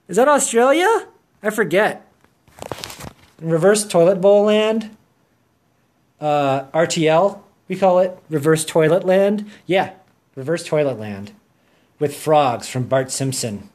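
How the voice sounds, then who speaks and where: A man runs his own podcast by himself, rambling in a hyper, goofy, casual manner. His voice is fairly high yet darkish in tone, expressive, and a little slow.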